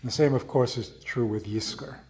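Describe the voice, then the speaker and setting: A man, a rabbi, giving an unhurried storytelling lecture, stretching key words for emphasis. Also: medium pitch, fairly even intonation, darkish tone, slight background noise.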